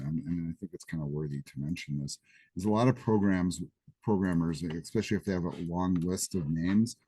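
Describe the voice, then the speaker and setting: During a live programming class held in a classroom or office, a Greek instructor demonstrates code and chats casually, slipping in asides. His low-sitting voice is dark with a breathy edge, and there is no echo.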